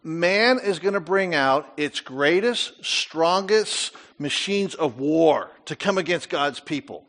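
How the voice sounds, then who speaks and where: Animated older male preacher. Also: a little high, slow pace. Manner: animated preaching with rhetorical questions and asides. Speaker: pastor. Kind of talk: sermon.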